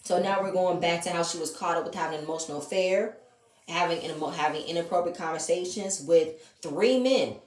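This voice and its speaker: A woman's voice: fairly low pitch, a little fast, roomy sound, far from the mic. A woman giving a blunt, heated, profane review of a reality show reunion in casual commentary.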